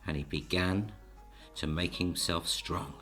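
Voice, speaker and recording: A man gently narrating a children's story while he draws the pictures, and he often talks to the audience. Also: deep voice, fairly even intonation, measured pace, soft background music. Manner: gentle, coaxing, speaks to the audience.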